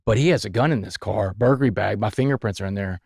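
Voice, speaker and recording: Podcast guest, male, low voice, dry close sound, dramatic storyteller. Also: quick pace, gravelly, darkish tone, breathy edge, dry recording. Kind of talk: telling his life story in conversation.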